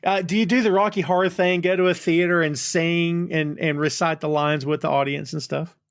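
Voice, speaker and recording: A man's voice: fairly high pitch, fairly even intonation, normal speed, clear, resonant tone, no room sound, studio quality. A man hosting a podcast, chatting casually about a film with enthusiasm, laughing often. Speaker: podcast host. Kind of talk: casual film review chat.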